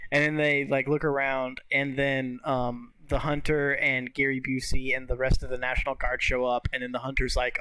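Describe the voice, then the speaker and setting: A young man co-hosting a podcast, retelling movie scenes in animated casual chat, full of fillers and swearing. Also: mid-range voice, normal speed, few pauses, clean tone, no echo, poor audio. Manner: animated storytelling with frequent filler words, swears. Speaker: podcast co-host.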